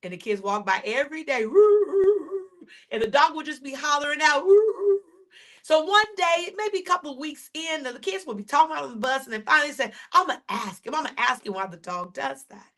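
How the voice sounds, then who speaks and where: A woman preaching with fervor, her voice sitting a little high as she calls out questions to her listeners. She builds her points through repeated refrains, rushing through stories and then stretching key lines out slowly. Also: animated, pushed and bright. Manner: shifts between quick storytelling and slow, drawn-out declarations. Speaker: preacher and podcast host. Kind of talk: sermon.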